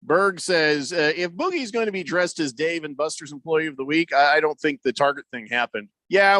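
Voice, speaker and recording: A man's voice: fairly high pitch, fairly bright tone, no room sound. A man hosting a sports radio show, reading listener texts aloud with wry jokes in casual banter. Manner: wry, joking, reads messages aloud. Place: radio studio. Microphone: studio microphone.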